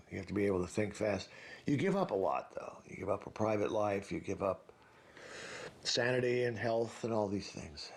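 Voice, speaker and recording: A man's voice: fairly low pitch, creaky, darkish tone. A man, a film director, speaking bluntly and matter-of-factly in a documentary interview.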